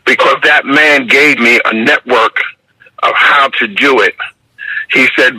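Bright, husky New York man, measured. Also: mid-range voice, no echo, low-quality recording. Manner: measured, repeats "you understand?". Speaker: guest, basketball referee mentor. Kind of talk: reflective interview storytelling.

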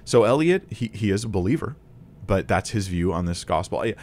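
A man's voice: fairly low pitch, animated, fairly quick, a little mellow, slight background noise. A man teaching a Bible lesson to camera in a casual, conversational way, thinking aloud with restarts and small laughs.

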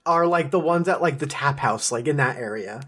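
A man from the Boston area chatting casually on a podcast, excitable and quick to laugh. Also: mid-range voice, breathy edge. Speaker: podcast co-host. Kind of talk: casual chat.

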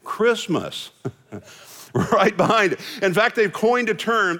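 Lively man preaching in a hall. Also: high voice, slow. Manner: folksy, joking, animated delivery. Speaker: pastor. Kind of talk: sermon. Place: large hall with musicians. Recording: hall reverb from live service.

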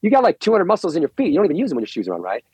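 A middle-aged man, a coaching guest on a podcast, telling stories in an excitable, rambling way and often repeating words. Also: a little high, very fast, slightly rough, no room sound. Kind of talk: animated storytelling interview. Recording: dull, lo-fi, dry recording.

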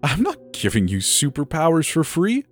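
A man's voice: fairly high pitch, wildly swooping pitch, normal speed, soft background music, voice pushed up. A man voicing a creepy, grinning teenage boy who sells superpowers, in a mocking sing-song murmur. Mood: menacing.

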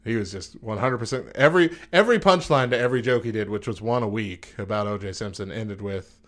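A man's voice: on the low side, fast, a bit bright. A man co-hosting a morning radio show, joking and laughing often in casual banter.

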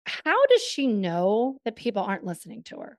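A woman co-hosting a casual chat, asking curious questions in a lively, friendly way and laughing easily. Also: fairly high pitch, dry recording, studio quality. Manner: curious, chatty, quick to laugh. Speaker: co-host.

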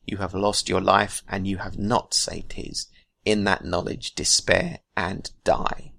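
A cruel witch queen from a storybook, gloating over her beaten foe in slow, cold, drawn-out words, as a male reader puts her on. A gravelly rasp sits under the voice. The sound is dry and close. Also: low voice, level tone, fairly bright tone, no echo, exaggerated voice.

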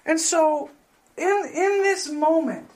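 A man with a strikingly high voice tells his story with fervent emotion. He speaks as a preacher and leads a heartfelt prayer. The sound rings around a roomy, echoing space. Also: slow pace, a little mellow. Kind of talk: testimony and sermon with led prayer. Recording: roomy echo.

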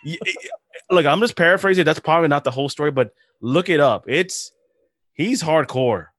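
A man's voice: fairly high pitch, a little fast, fairly bright tone, no room sound, clean studio sound. A man hosting a podcast in casual chat, telling stories animatedly, laughing often and swearing. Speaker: podcast host.

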